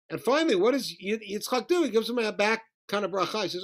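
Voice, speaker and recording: A man teaching a Bible study lesson, animated as he retells the story, reading Hebrew verses and translating them. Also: sits high, a little fast, hardly any pauses. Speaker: Torah teacher.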